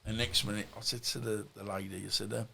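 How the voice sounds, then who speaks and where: Speaking fast with a sharp edge and some vocal fry, this former boxer sits in as a podcast guest and spins rambling, aside-filled anecdotes. He's a middle-aged man whose voice runs on the low side with a level tone. A faint hiss or hum sits under the recording.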